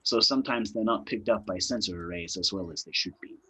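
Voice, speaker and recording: A man narrating as game master of a tabletop game, explaining calmly and trailing off at times. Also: lowish voice, husky, poor audio. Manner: unhurried, explains in plain terms, trails off at times.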